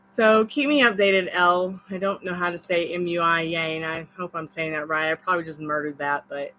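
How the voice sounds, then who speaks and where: A woman's voice: lowish voice, normal speed, few pauses, fairly bright tone, a little hiss or hum, low-quality recording. A woman with a Southern accent gives a live-streamed tarot reading in a chatty, encouraging, rambling way. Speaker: tarot reader.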